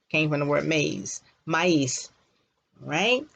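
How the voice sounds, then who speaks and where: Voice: medium pitch, takes it slowly, gravelly. Teacher drilling Spanish words, call-and-response. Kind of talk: classroom vocabulary lesson. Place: school classroom.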